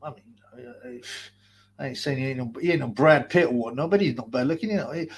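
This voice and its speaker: A man's voice: medium pitch, fast talker, a little hiss or hum. Foul-mouthed man ranting, mask on. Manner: crude, mocking, laughs between lines. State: wearing a mask. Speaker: livestream host. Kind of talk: profane ranting livestream commentary. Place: hot basement.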